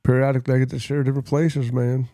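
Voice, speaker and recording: A man's voice: medium pitch, little pitch movement, quick pace, warm tone, no echo, clean studio sound. An older man telling his life story as an interview guest, earnest and plain-spoken, acting out the voices of people he quotes.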